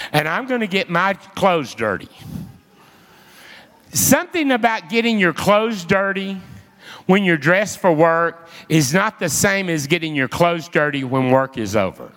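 A man preaching a sermon, telling a personal story in an animated, drawling way. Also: fairly high pitch, big-room sound.

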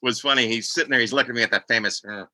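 An older man from Boston telling stories in a casual chat, animated and slipping into voices as he recounts events. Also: mid-range voice, rapid-fire, no echo, rough recording. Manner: animated storyteller, slips into voices. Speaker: podcast guest.

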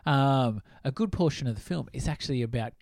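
A man's voice: medium pitch, expressive, brisk, vocal fry, a little mellow, dry recording, clean studio sound. A man hosting a casual film discussion podcast, musing and hesitant with frequent fillers. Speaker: podcast host.

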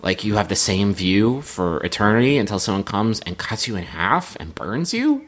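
A man's voice: lowish voice, big pitch swings, fairly bright tone. A man co-hosting a comedy podcast, riffing goofily in casual banter and laughing easily. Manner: goofy, riffing, quick to laugh. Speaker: podcast co-host.

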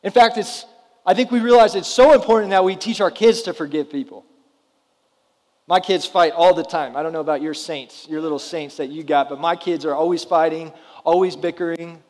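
A pastor in his thirties delivers a conversational sermon in a church hall, often posing questions to his congregation. His voice is a little high, brisk and slightly mellow, and the roomy hall gives it a long reverb.

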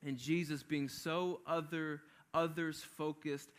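A man's voice: on the high side, flat delivery, takes it slowly. Earnest preaching man. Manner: earnest, emphatic, with frequent repeated restarts. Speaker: pastor. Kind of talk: sermon, reading and explaining scripture.

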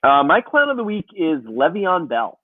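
A man's voice: on the high side, wildly swooping pitch, moderate pace, husky, no room sound. A man co-hosting a sports podcast, ranting in casual, profane chat. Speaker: podcast co-host. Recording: tinny phone-like line.

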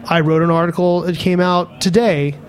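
A man with a notably high voice talks wine on a casual podcast. He is eager and profane, and he keeps stopping to restart his thoughts while he explains things. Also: level tone, normal speed. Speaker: restaurant owner and wine guest.

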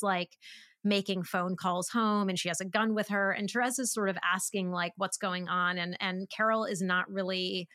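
A woman's voice: mid-range voice, a bit bright, dry recording. Woman, podcast co-host, casual film chat, filler-heavy, dry recording. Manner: chatty, many fillers and restarts.

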